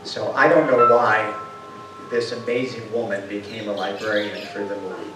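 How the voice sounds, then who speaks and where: An older man giving a storytelling talk to an audience, a lively speaker who acts out quotes and puts questions to the room. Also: lowish voice, normal speed, music in the background. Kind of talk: storytelling lecture. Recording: roomy hall sound from far off.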